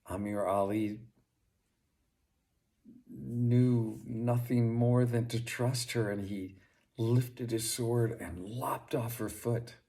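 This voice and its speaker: A man narrating a folk tale as a storyteller, with unhurried delivery and chatty asides to the listener. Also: medium pitch, fairly even intonation, dark tone.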